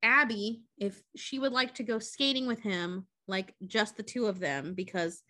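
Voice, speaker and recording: A woman's voice: medium pitch, a little slow. A young woman podcast co-host retelling a movie plot in casual, profane chat. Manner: profane, animated storytelling.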